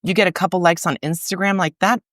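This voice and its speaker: A middle-aged woman talking as a podcast guest about her arts organization, in a chatty, animated way full of fillers. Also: fairly low pitch, fast talker, no room sound, clean studio sound. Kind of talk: casual interview conversation.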